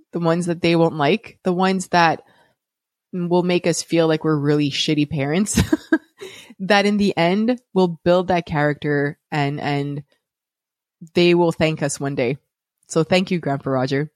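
A woman's low voice carries a candid, conversational personal story on her podcast, where she speaks as a host and parent, often restarting and laughing lightly. The audio is clean studio sound with no room sound.

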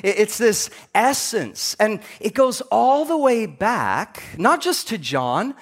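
A man's voice: high-pitched, big pitch swings, slow, breathy edge. A male pastor giving a sermon in a church, telling stories and acting out dialogue with repeated words. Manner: storytelling preacher, acts out dialogue, repeats words.

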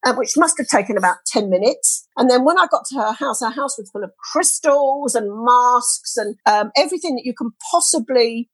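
Woman, from the UK, middle-aged, animated storyteller, slightly high voice, husky tone, dry close sound. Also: moderate pace, few pauses, no room sound, rough recording. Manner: animated storyteller who quotes others in lively voices. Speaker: interview guest, spirit artist. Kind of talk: storytelling in a podcast interview. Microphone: headset earphones.

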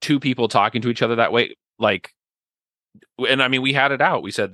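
A man's voice: mid-range voice, brisk, sharp tone, dry recording. A man in a casual podcast chat, talking earnestly and at length, full of "like" and "right?". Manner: earnest, rambling, many "like" and "right?".

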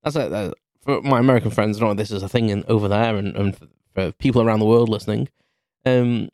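A man's voice: lowish voice, quick pace, a little mellow, no echo, studio quality. A British man in his thirties, a podcast host rambling through a casual story with many restarts. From United Kingdom.

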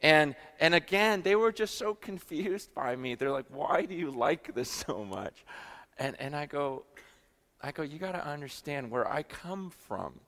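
A middle-aged man from the United States tells a story in a sermon, acting out the voices of the people in it. He repeats his words and swings from quiet to excited. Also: on the high side, a little slow. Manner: animated, acts out quoted voices, repeats words. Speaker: preacher.

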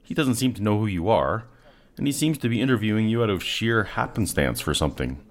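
A man's voice: lowish voice, expressive, a little fast. A man hosting a podcast, giving dry, mocking commentary over video clips. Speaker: podcast host.

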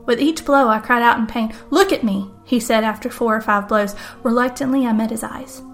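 A woman reading a murder story aloud in dramatic first-person narration, with a fairly high voice. Soft music runs under her. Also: steady tone, fairly quick. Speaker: podcast host and author.

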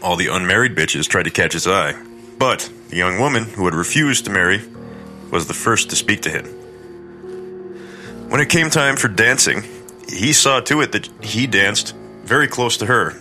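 A man's voice: fairly low pitch, animated, normal speed, sharp tone, soft background music. A man hosting a horror story podcast, narrating a folk tale with crude, irreverent joking asides.

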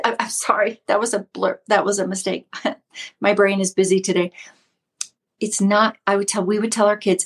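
A woman's voice: medium pitch, flat delivery, normal speed, husky. Woman, middle-aged, casual devotional talk, livestream host, conversational, repeats words. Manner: warm conversational teaching, greets viewers by name, repeats words.

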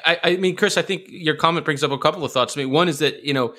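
A man's voice: a little high, bright, forceful tone. A man, a system engineer, talking shop in a casual panel discussion, thinking aloud with frequent restarts. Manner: fast, thoughtful, with frequent restarts.

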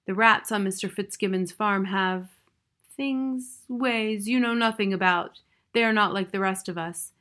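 A woman reading the lines of a wise, formal male owl in a grave, measured manner. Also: medium pitch, fairly bright tone, natural voice. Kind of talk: audiobook reading.

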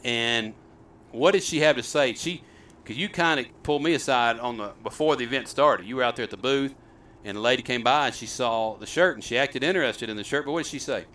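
A man's voice: mid-range voice, fairly quick, fairly bright tone, far from the mic. A middle-aged man, hosting a show and telling stories in a rambling, self-deprecating, folksy way. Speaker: host. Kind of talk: casual storytelling chat.

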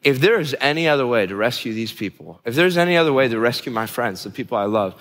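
A man voicing a gentle, grave male teacher who speaks low and measured. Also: lively intonation. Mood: pleading prayer. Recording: long hall reverb.

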